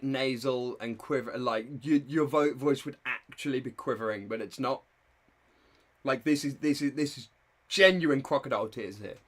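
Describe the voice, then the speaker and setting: Male streamer commentator, blunt and scornful, mid-range voice. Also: mid-range voice. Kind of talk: reaction commentary.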